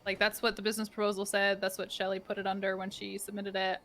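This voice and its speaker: A woman chatting in character during a role-play game, telling animated stories. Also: medium pitch, quick pace, a little hiss or hum.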